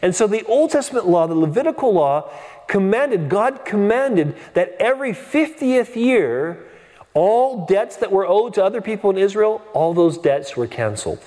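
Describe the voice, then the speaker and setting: A man's voice: high-pitched, big pitch swings, moderate pace, mellow. A male pastor preaching an expository sermon, earnest, stumbling through frequent restarts and leaning on emphatic rhetorical questions. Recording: long reverb of a large hall.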